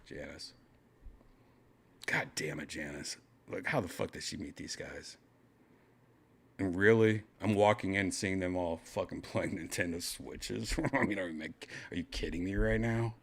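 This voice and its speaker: A man's voice: sits low, measured pace, creaky. A man hosting a podcast, giving casual, exasperated reaction commentary and swearing often. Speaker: podcast host.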